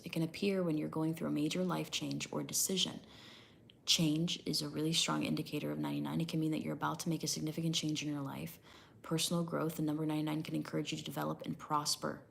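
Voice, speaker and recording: A woman's voice: deep voice, gravelly, slight background noise. A woman giving a casual tarot reading, hedging often and reading number meanings aloud from her tablet. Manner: hedging, repeats "I don't know" and "I'm getting that vibe"; reads definitions aloud from a tablet. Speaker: tarot reader.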